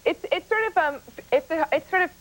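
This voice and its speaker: A woman's voice: extremely high pitch, animated, a little fast, fairly bright tone, rough recording. A woman in her twenties, a guest on a late-night talk show, talking hesitantly with restarts and laughs. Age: 20s. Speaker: actress guest. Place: TV studio.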